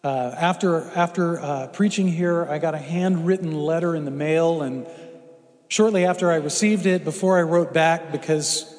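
A man's voice: fairly high pitch, moderate pace, a little mellow. A middle-aged man from Houston preaching a folksy, humorous storytelling sermon in a church. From Houston, Texas. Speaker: guest preacher. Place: church sanctuary. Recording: long hall reverb.

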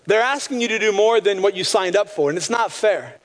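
Guy pastor with a really high voice, preaching hard, big hall echo. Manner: impassioned preaching, slowing to stress key phrases. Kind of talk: sermon. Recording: long hall reverb.

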